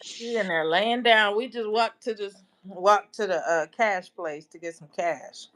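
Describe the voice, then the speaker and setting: A woman in a casual livestream chat, making quick comments and talking to people off camera. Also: medium pitch, a bit bright. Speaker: livestream co-host.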